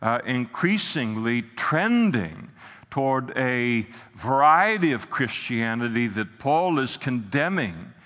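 A man delivers an earnest sermon, stopping often for filler sounds and restarting his phrases. His voice is bright and forceful, and a long reverb trails after each phrase, as in a large hall. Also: mid-range voice, very animated, slow. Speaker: pastor.

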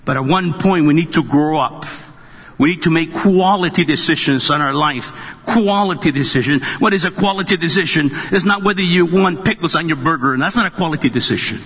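Pastor type, man, high husky voice, jokey conversational sermon, long hall echo. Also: a little fast, fairly bright tone. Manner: joking, conversational preaching. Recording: long reverb of a large hall.

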